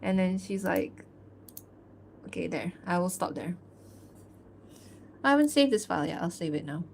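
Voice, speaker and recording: A woman's voice: on the low side, sing-song, normal speed, creaky, slight background noise. A woman artist chatting casually on a livestream as she works, with a loose, rambling manner and small laughs. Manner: reads fan-fiction narration aloud. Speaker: artist streaming her work.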